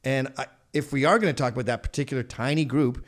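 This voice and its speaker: A man in his fifties, a podcast guest, telling profane stories in casual chat and slipping into quick character voices. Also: medium pitch.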